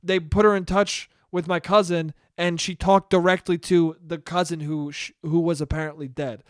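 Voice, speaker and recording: A man's voice: fairly high pitch, fairly even intonation, moderate pace, no echo, studio quality. A young man hosting a casual solo podcast, rambling and swearing freely in an amused tone. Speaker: podcast host.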